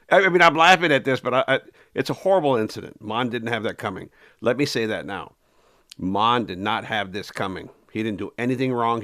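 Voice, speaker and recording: A man's voice: fairly low pitch, fairly bright tone. Man recounting his story with many fillers. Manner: rambling, many fillers and restarts. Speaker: interviewee telling his own story. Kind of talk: casual spoken recounting.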